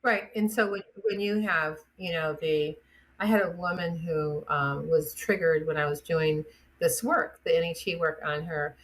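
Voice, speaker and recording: An older woman with a lowish voice tells stories from her years as a chiropractor. She is animated and laughs easily, and she slips into the voices of the people she is describing. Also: moderate pace. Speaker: guest chiropractor. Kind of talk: anecdotal storytelling.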